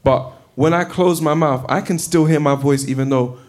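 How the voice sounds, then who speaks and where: A man who hosts his own podcast, talking as a guest at a live recording, fast and rambling. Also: fairly high pitch, darkish tone. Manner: fast and rambling, restarting thoughts.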